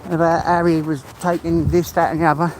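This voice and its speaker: A man's voice: fairly high pitch, flat delivery, fast talker, darkish tone, slight background noise. An English man live-streaming as he walks his dog outdoors, chatting and rambling to viewers, out of breath, often laughing and greeting people by name. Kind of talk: casual chat to live viewers while walking.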